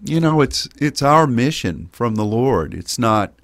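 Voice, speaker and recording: A middle-aged man co-hosting a prayer ministry radio show, chatting casually and haltingly with many fillers and restarts. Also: mid-range voice, animated, dry recording, studio quality. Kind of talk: casual chat.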